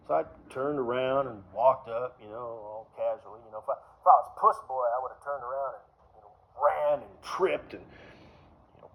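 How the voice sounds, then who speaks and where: A man's voice: medium pitch, fairly even intonation, normal speed, vocal fry. Rambling, crude-talking man on lo-fi audio. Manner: crude, meandering, full of fillers and trailing mumbles. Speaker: vlogger. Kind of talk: rambling personal monologue. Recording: dull lo-fi recording.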